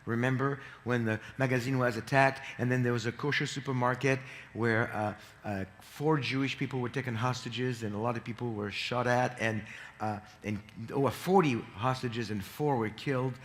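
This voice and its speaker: A man in his fifties from France, telling a personal family story in an earnest conference talk, halting with fillers and restarts. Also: mid-range voice, steady tone, fairly bright tone. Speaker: conference speaker. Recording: hall reverb.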